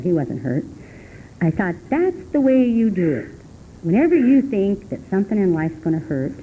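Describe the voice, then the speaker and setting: A middle-aged woman tells her story at a recovery meeting in a low, mellow voice. She rambles and restarts, then laughs and her pitch jumps up when something amuses her. The old tape carries a faint hum. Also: low-quality recording. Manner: rambling, earnest, halting with many restarts. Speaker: speaker sharing at a recovery meeting. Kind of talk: personal testimony talk. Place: meeting room.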